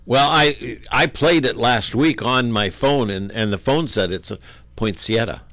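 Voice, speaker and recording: A man co-hosting a radio show in the studio, playful and quick to laugh. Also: medium pitch, a bit bright, no room sound. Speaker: radio co-host. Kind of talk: casual radio talk.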